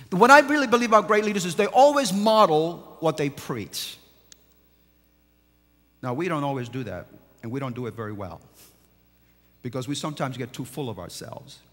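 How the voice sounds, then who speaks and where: A man, a pastor, delivering a sermon that swings from hushed, quiet passages to emphatic, rising declarations. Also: fairly high pitch. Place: large church sanctuary. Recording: long church reverb.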